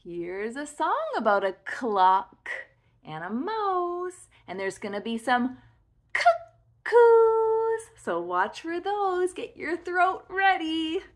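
A young woman leads a toddler speech lesson in a bright, high voice that swoops up and down. She speaks very slowly and stresses each sound with care. She pauses often so the child can repeat after her. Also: sing-song. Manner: sing-song, over-articulated, with pauses for the child to repeat.

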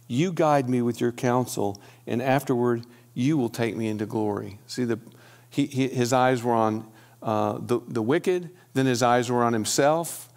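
A man delivers a sermon in a church, moving between scripture reading and plain, chatty explanation. His pitch sits in the middle range. He often checks in with the congregation and restarts his sentences as he talks. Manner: reads scripture aloud, then breaks off to explain it; conversational, with restarts and "okay?" asides to the congregation. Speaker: preacher.

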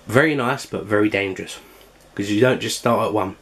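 A man's voice: on the low side, normal speed, a bit bright, husky. Chatty man hosting a home cooking vlog. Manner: chatty, filler-heavy, eating while talking. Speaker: cooking channel host.

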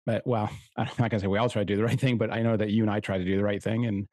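A middle-aged man co-hosting a podcast in casual chat, thinking aloud in a reflective, halting way with many restarts. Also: fairly low pitch, level tone, darkish tone, dry recording, clean studio sound. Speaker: podcast co-host.

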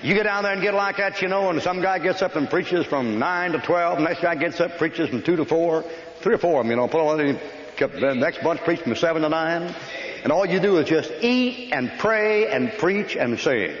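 A folksy preacher with a fairly high voice, joking with his congregation and rattling off long lists. He speaks in a church hall with long, booming reverb. The old recording sounds dull and lo-fi, with faint hiss underneath. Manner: folksy, joking, rapid listing. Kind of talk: folksy sermon.

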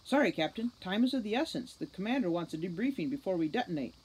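A woman voicing a brisk male fairy retrieval officer who speaks with urgency. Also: lowish voice, sing-song, a little mellow, a little hiss or hum, pitched above the performer's own voice, rough recording. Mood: urgent.

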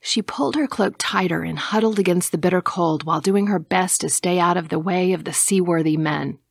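A woman narrating an audiobook in a measured, even reading, dropping to a hush at times. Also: fairly low pitch, vocal fry, no room sound, clean studio sound.

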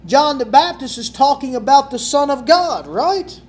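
A man preaching a sermon and reading scripture, folksy, asking the congregation rhetorical questions and swinging from loud emphasis to near-whispers. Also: extremely high pitch, lively intonation, moderate pace, a little hiss or hum. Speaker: pastor.

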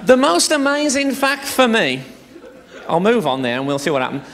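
Lively bawdy stand-up comedian man. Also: high-pitched, moderate pace, some chatter behind. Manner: bawdy, swearing, chatty storytelling. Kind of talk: live stand-up routine. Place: theatre stage, live show.

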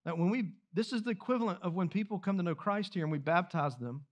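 A man's voice: high-pitched, quick pace, few pauses, highs cut off. Man preaching a conversational sermon. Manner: conversational preaching with rhetorical questions to the congregation; repeats words and restarts phrases while speaking freely. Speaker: pastor. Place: church sanctuary.

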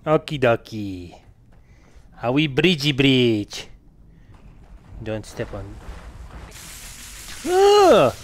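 A man giving casual gameplay commentary, excitable, swearing and laughing often with sudden loud outbursts. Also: mid-range voice, takes it slowly, pauses often, no echo. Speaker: gamer.

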